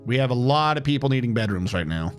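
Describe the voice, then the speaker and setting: A man's voice: medium pitch, lively intonation, fast, soft background music. A man streaming a strategy game, chatting casually and reading in-game text aloud with wry, sarcastic asides. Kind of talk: casual gameplay commentary.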